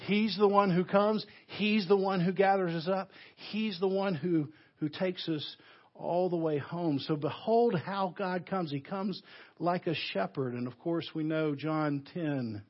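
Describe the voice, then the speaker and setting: Husky preacher with a muffled sound. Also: male voice, high-pitched. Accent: Southern US. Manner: emphatic preaching, swinging between loud stresses and hushed, slow phrases. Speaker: pastor. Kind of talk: sermon. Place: church sanctuary.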